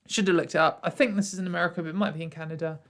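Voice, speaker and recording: A woman's voice: on the low side, steady tone, racing, fairly bright tone. A woman hosting a casual commentary show, mocking what she reads out and laughing often. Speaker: commentary channel host.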